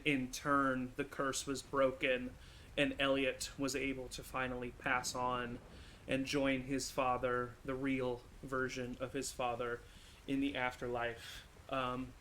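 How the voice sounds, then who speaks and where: A man serving as game master, narrating a tabletop game in a hushed, dramatic way. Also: mid-range voice, slight background noise.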